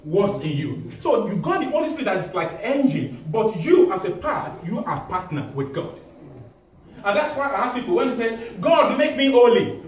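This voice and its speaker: A man with a Nigerian accent preaching a sermon, animated and laughing often, asking the congregation to finish his sentences. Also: high-pitched, normal speed, slight background noise. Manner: animated, asks the audience to fill in answers, laughs often. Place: church hall. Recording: echoey church hall from far off.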